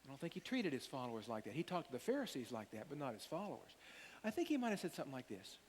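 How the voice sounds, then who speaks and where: An older man preaching a sermon as pastor, an animated storyteller who acts out the quotes. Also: medium pitch, very fast. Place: church sanctuary. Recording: long hall reverb, faint hiss.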